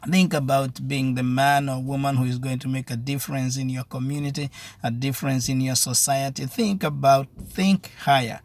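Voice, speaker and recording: A man's voice: mid-range voice, steady tone, normal speed. A man giving a devotional sermon with earnest, repetitive exhortation. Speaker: preacher.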